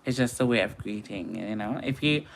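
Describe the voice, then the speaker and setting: A woman's voice: a bass voice, animated, a little fast, creaky, a little hiss or hum. Chatty Antiguan woman on late livestream. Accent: Caribbean, Antiguan. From Antigua and Barbuda. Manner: chatty, laughs often, greets viewers warmly. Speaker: makeup artist livestreamer. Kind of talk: casual late-night livestream chat.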